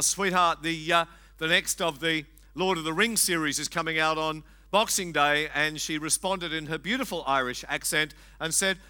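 Bright-voiced pastor preaching. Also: male voice, a little high. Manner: conversational, gently humorous preaching with frequent fillers. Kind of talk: sermon.

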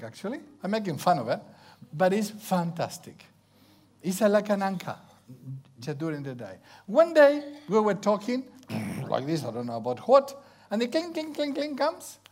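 A middle-aged man preaching a sermon, swinging from loud exclamations to hushed near-whispers and acting out sounds. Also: high-pitched. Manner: acts out sounds with playful onomatopoeia.

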